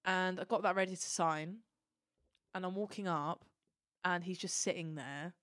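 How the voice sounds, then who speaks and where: A woman co-hosting a fan podcast, telling a long story in a gushing, animated way and swearing casually. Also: lowish voice, normal speed, no room sound, studio quality. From Turkish heritage. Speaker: podcast co-host. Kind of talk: casual chat.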